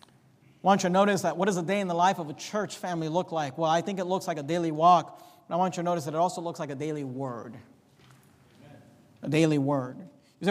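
A man preaching a sermon as pastor, moving between quiet reading and raised, emphatic preaching. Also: a little high, fairly even intonation, quick pace, in a large hall. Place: church sanctuary.

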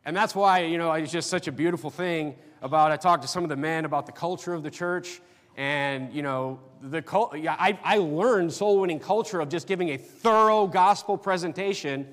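Middle-aged male preacher, higher voice, loose chatty sermon delivery with plenty of ums, church hall reverb. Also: fairly bright tone. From North Dakota. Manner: conversational, halting with fillers and restarts.

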